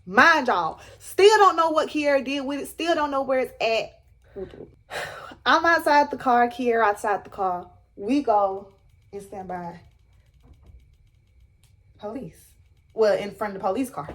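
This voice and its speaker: A young woman tells a story to her viewers, dramatic and animated. Her voice sits high and bright for a woman. She talks casually, drawing the listener in. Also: a little slow, pauses often. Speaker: vlogger telling a story. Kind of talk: storytime vlog.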